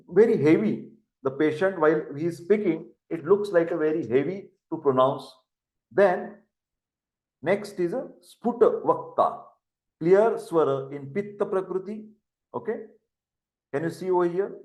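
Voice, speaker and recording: An older man with an Indian English accent delivers a classroom lecture in an echoey room, his voice a little high with a darkish tone. He repeats terms and spells words out for dictation.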